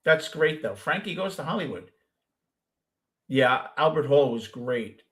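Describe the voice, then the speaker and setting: A man's voice: mid-range voice, lively intonation, unhurried, fairly bright tone. A man with a Brooklyn accent who hosts a show, chatting casually with a caller and telling long, rambling stories with many restarts. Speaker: host.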